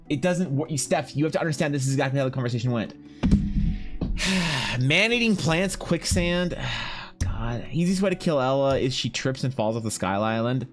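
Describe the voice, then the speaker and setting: Male streamer, mid-pitched, rambling casual chat over faint music. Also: expressive, brisk. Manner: rambling, thinking aloud, answering chat.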